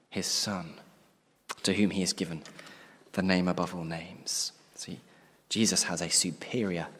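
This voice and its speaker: A man preaching a sermon, earnest and emphatic, often trailing off to a hushed tone at the ends of phrases. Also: low-pitched. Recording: long reverb of a large hall.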